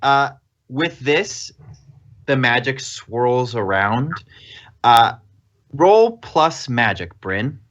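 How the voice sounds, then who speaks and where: A man narrating as game master of a tabletop game on a live stream, relaxed and easily laughing. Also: mid-range voice, extremely slow, long pauses, highs cut off.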